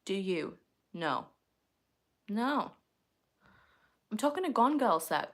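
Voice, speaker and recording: Playful livestreaming woman, lively voice. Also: mid-range voice, slow, pauses often. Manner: playful, teasing, laughs often. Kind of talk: casual livestream chat, reading and answering comments.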